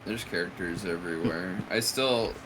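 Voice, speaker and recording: A man's voice: low-pitched, normal speed, a bit bright, slight background noise, rough recording. A man joking with a friend during a game session, often breaking into quotes and laughter. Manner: jokey, quotes lines, laughs a lot. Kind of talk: casual gaming chat.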